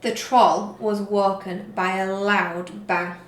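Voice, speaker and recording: A woman teacher reading a story aloud to young children, slowly and expressively. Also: mid-range voice, reverberant. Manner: slow, expressive read-aloud. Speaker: reception teacher.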